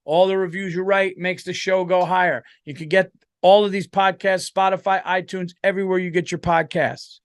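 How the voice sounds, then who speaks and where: A man's voice: high voice, little pitch movement, moderate pace, clean tone, no echo, clean studio sound. A tired man hosting a comedy podcast, rambling and swearing freely in a casual monologue. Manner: profane, rambling, lots of fillers.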